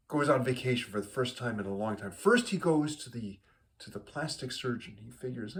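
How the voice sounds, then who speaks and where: A man's voice: medium pitch, expressive, a little fast. A man telling a long joke in an easygoing, rambling way, with fillers and restarts. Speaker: joke teller. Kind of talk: told joke, casual storytelling.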